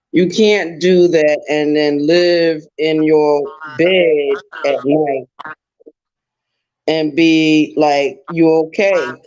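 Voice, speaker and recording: A woman's voice: low voice, darkish tone. A woman calling in as a guest, giving blunt casual commentary and repeating her points for emphasis. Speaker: guest caller. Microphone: online call through a browser. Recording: dull lo-fi call audio.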